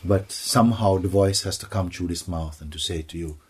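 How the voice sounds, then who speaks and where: A man's voice: sits low, a little fast, slightly rough. A man giving a spiritual satsang talk, playful, slipping into acted voices and laughter. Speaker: spiritual teacher.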